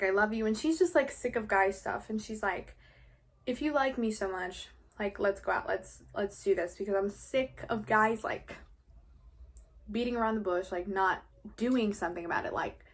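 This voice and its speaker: A teenage girl vlogging from home, recapping a story in a loose, gossipy way. Her voice sits at an ordinary middle pitch for a woman, and she talks like she is catching up with a friend. She swears playfully now and then. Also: normal speed. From New York. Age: late teens. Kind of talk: casual story recap during a mukbang.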